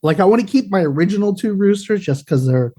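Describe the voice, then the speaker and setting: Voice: mid-range voice, quick pace. A podcast co-host in casual chat, telling stories with plenty of profanity. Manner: profane, animated storyteller.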